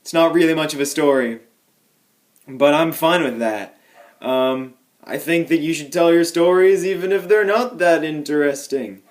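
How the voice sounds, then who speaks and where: A young man vlogging at home, telling a small everyday story to the camera with exaggerated mock drama and deadpan asides. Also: on the high side, normal speed.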